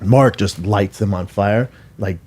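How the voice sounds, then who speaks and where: A man co-hosting a podcast, telling a story in relaxed casual chat with slang and lots of fillers. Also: lowish voice, a little slow. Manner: laid-back, slangy storytelling full of fillers like "like" and "uh". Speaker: podcast co-host. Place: podcast studio.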